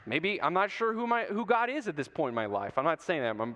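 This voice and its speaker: A man's voice: a little high, big pitch swings, brisk, a bit bright. A man giving a playful talk to middle schoolers, telling stories and asking the audience questions. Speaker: youth speaker. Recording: long hall reverb.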